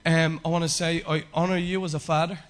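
A man's voice: on the high side, little pitch movement, a little fast. A man, a pastor, preaching a sermon with emphatic repetition and frequent fillers.

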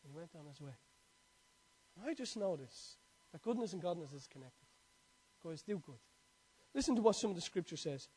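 A man's voice: a little high, lively intonation, fast talker, warm tone, slightly rough. A man preaching a sermon, telling a personal story in a conversational way and quoting scripture.

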